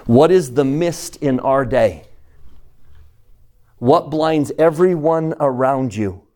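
A man's voice: medium pitch, slow pace, darkish tone. A man teaching a scripture class, who keeps asking his students questions and repeats key phrases for emphasis. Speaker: religion teacher.

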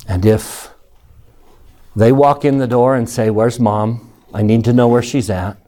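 A middle-aged man giving a speech, telling personal stories in an animated way and acting out the people he quotes. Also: mid-range voice, unhurried. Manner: animated storyteller, acts out quotes, chuckles through stories. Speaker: speaker addressing an audience.

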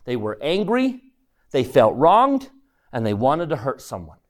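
A man's voice: mid-range voice, a little slow. Emphatic middle-aged man teaching scripture. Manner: animated, emphatic, asks the class questions. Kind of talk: scripture lesson lecture.

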